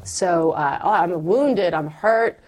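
A middle-aged woman talks slowly, her voice lowish, as she describes her path to faith. She's candid and animated, acting out her past self as the story unfolds.

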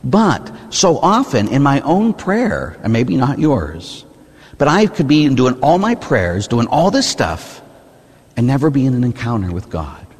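A man, a Catholic priest, preaching a sermon in an animated, rhetorical way, often asking "huh?". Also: mid-range voice, unhurried, breathy edge. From United States. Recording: reverberant hall.

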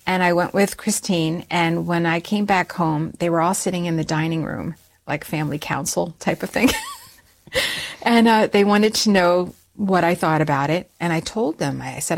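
Middle-aged lady telling her story, kinda low voice, gets lively and squeaky when quoting herself. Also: normal speed, gravelly. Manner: animated, rises high when quoting herself; frequent restarts and repeated words. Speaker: interviewee. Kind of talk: personal storytelling.

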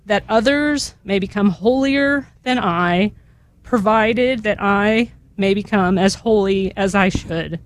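A woman's voice: medium pitch, slow pace, no room sound. A woman, a guest on a radio show, reading a litany aloud in an earnest, devout way, her voice catching with emotion. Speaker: radio guest leading prayer.

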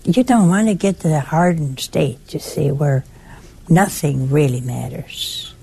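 Older woman preaching, low-pitched voice. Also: measured pace, creaky, breathy edge. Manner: conversational, lively, chiding and affectionate. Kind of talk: sermon.

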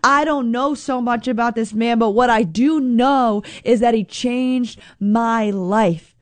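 A woman giving an earnest devotional reflection, speaking slowly and emphatically and often repeating phrases. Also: a little high, no echo.

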